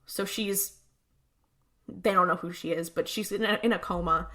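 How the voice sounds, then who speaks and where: A woman's voice: on the low side, steady tone, normal speed, pushed and bright. A young woman co-hosting a podcast, recapping an episode in casual chat full of fillers. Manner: chatty recap with many fillers and acted-out quotes. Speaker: podcast co-host.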